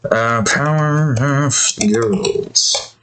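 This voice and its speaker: A man's voice: a little high, big pitch swings, drawn-out words, creaky, fairly bright tone, slight background noise, low-quality recording. Sex: man. Style: rambling, chaotic chat. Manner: rambling, self-correcting, chaotic. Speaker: host drawing on stream. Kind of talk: casual rambling commentary.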